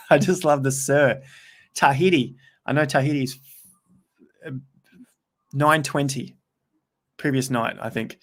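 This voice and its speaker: A man's voice: on the high side, steady tone, normal speed, long pauses, a bit bright. A young man hosting a casual livestream, chatting straight to his viewers and reading out their comments in an upbeat, rambling way. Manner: chatty and rambling, with frequent restarts. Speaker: crypto livestream host.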